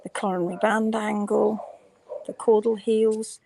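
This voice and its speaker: A woman hosting a casual live stream in a quiet half-whisper, her voice a little croaky. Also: mid-range voice, flat delivery, a little slow, slight background noise, rough recording. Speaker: hoof care instructor and vlogger. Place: workshop ante room near a presentation.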